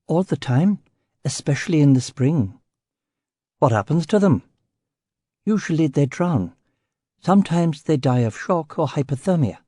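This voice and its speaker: A man's voice: a little high, lively intonation, unhurried, pauses often, mellow, no room sound, clean studio sound, voice pushed up. A man voicing a young woman police constable, raising his voice and speaking plainly. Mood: matter-of-fact.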